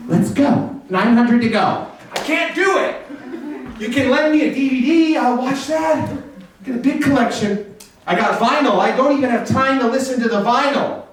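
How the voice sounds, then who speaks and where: Speaking at normal speed in a very high-pitched voice, a man hosts a live variety show before an audience, playfully teasing the crowd, swearing freely and leading chants. The recording is distant and echoey, with faint noise.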